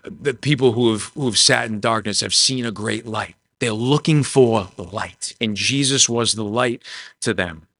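A man preaching a sermon in a conversational way, dropping soft and low when he voices quoted words. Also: no echo. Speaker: pastor.

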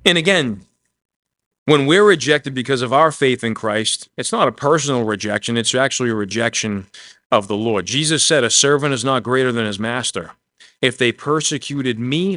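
Guy preaching a casual sermon, talks like chatting, goes quiet and low on quotes, dry close sound. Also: moderate pace, no room sound. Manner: conversational preaching, drops to a soft low voice for quoted words. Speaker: pastor.

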